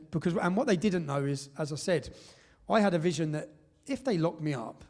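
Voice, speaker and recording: An English man speaking to a live audience in a fairly high register, telling his story with force. He presses each point and often checks in with a quick "yeah?" as he goes. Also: lively intonation, darkish tone. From England. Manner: emphatic, tags points with "yeah?". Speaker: speaker at a public event.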